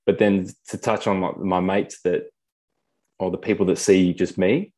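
A man's voice: sits low, level tone, moderate pace, a little mellow. A young man speaking candidly as a podcast guest, blunt, swearing casually and calling people mate. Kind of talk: candid conversational storytelling.

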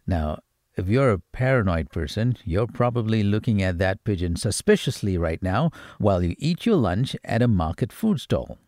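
A man's voice: on the low side, big pitch swings, moderate pace, darkish tone, no room sound, clean studio sound. A man presenting film picks on the radio, playful and given to jokey asides. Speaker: radio movie reviewer. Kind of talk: radio film recommendations segment.

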